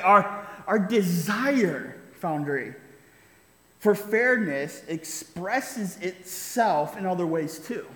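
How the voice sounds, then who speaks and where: A man preaching a sermon, telling a story with frequent "right?" asides and chuckles. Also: sits high. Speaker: pastor. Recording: roomy hall reverb.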